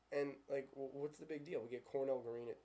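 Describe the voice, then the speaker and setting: Dark-voiced sarcastic man, football fan rant. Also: mid-range voice, fairly even intonation, normal speed. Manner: sarcastic, ranting, keeps asking himself questions. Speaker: sports vlogger.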